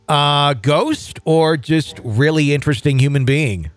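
A male podcast host reads a listener's ghost story aloud at a middle pitch. His delivery is even and conversational, with a few small slips. The recording is dry and close, with no room sound. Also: measured pace, no room sound, faint music behind.

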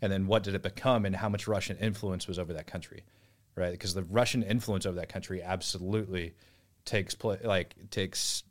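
Blunt low-voiced man. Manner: blunt, swears, trails off and restarts. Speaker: guest, former special forces soldier. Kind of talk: casual conversation. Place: small room in a house.

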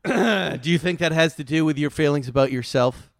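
A man's voice: a little high, normal speed, gravelly, no room sound, clean studio sound. A man co-hosting a casual comedy chat, teasing his partner with prodding questions. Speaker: podcast co-host.

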